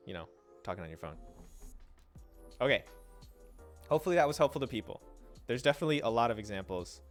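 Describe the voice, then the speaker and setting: A young man with a fairly low voice talks casually through a pronunciation lesson on a livestream. He trails off, restarts and slows down to sound out syllables. Faint music plays softly behind him. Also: lively intonation. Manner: loose and chatty, trails off and restarts, demonstrates sounds slowly. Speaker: streamer teaching Japanese.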